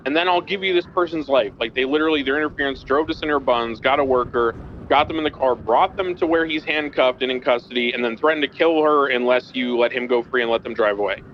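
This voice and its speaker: A man's voice: mid-range voice, fast, dull audio, a little hiss or hum. Blunt male police instructor. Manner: blunt, emphatic, swears casually. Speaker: senior police instructor in a roleplay game. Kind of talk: briefing trainees in a game roleplay.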